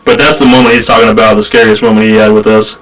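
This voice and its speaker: A man hosts a live paranormal stream. He tells ghost stories in a casual, animated way, and his voice sits a little low. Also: racing, poor audio. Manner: animated storytelling with laughs. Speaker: paranormal show host.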